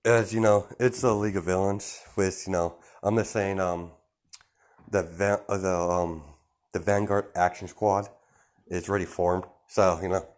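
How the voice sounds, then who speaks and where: A man's voice: low-pitched, fairly even intonation, moderate pace. A man casually improvising a fan story aloud, rambling with lots of fillers. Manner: rambling, full of fillers and restarts.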